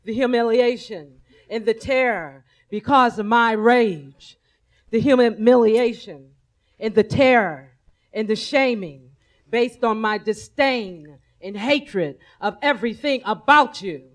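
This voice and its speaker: Tearful woman participant, slow and earnest, repeats phrases. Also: a little high. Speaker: workshop participant. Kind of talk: emotional spoken apology.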